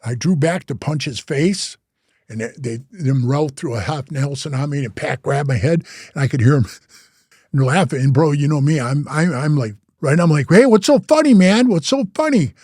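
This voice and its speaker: A husky, medium-pitched male voice moves at a moderate pace in a clean studio recording with no room sound. He's an older former biker club president, animatedly recounting his life casually, voicing the other characters and often saying "bro."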